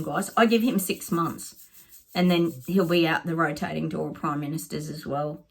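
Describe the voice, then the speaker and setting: A woman with a lowish, husky voice chats to her viewers as a psychic, reading oracle cards. She sounds excitable and conversational and keeps calling her audience "guys". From Australia. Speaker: psychic vlogger. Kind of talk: casual oracle card reading to camera.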